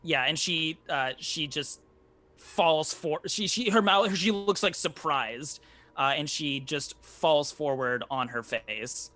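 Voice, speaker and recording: A man's voice: on the high side, slow, pushed and bright. A man running a tabletop game as game master, narrating combat loosely with fillers and swearing.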